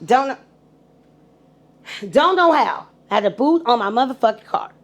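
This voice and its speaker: A middle-aged woman telling her story on a podcast in a casual, animated, profane way, acting out the voices of the people in it. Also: a little high, normal speed, lo-fi sound. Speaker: guest.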